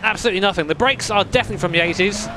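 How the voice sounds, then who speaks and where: A man's voice: sits high, racing. A man giving chatty, swearing gameplay commentary while driving a rally sim at home. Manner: chatty, swears casually, laughs often. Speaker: sim racing streamer.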